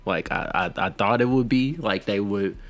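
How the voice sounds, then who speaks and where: A man's voice: fairly low pitch, moderate pace, soft background music. A man co-hosting a casual movie review chat who laughs often and acts out lines from the film. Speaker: podcast co-host.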